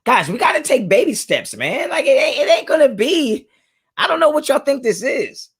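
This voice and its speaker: Very high-pitched and husky yet fairly bright, a very animated man hosts a sports fan livestream at a moderate pace. He addresses his chat directly, casual and emphatic, going over his points again and again.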